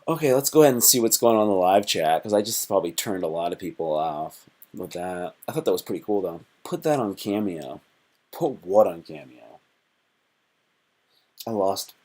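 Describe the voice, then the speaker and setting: A man's voice: sits low, animated, fairly quick, darkish tone. A man hosting his own live stream, rambling and joking in a profane, repetitive way. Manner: joking, profane, repeats himself.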